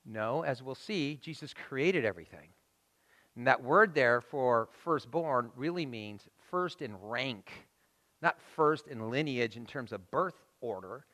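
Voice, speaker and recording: A man preaching a sermon to his congregation in a lively, conversational way, often asking them "right?". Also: medium pitch, unhurried. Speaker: pastor.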